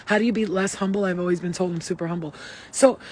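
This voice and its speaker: Husky, blunt woman healer. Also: lowish voice, fast talker. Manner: blunt, profane and animated, acting out quoted voices. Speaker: spiritual healer. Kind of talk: casual live-stream talk.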